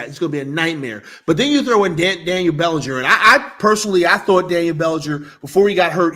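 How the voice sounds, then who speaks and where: A man talks sports in a loose, joking way, swearing freely and circling back over his words. His voice sits high and sounds bright and forceful. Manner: loud, joking, profane, repeats himself. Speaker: podcast co-host. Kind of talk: casual sports talk.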